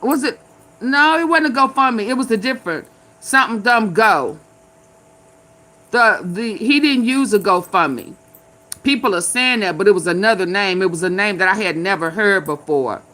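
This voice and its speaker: A woman's voice: mid-range voice, expressive, moderate pace, pushed and bright. An older woman giving sassy, blunt casual commentary in a preachy, repetitive way. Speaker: commentary vlogger.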